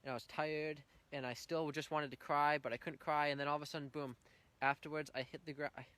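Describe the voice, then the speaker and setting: A man's voice: on the high side, little pitch movement, brisk, sharp tone, clear, resonant tone, no echo. Earnest young man sharing his testimony. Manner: earnest, heartfelt storytelling with emotional swells. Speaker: church member giving testimony. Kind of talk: personal faith testimony.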